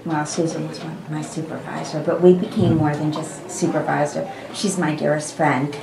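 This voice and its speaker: A woman, a friend and former coworker, gently sharing affectionate memories at a memorial dinner. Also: sits low, little pitch movement, moderate pace, vocal fry, crowd noise. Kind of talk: casual remembrance at a memorial dinner. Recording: echoey, noisy room.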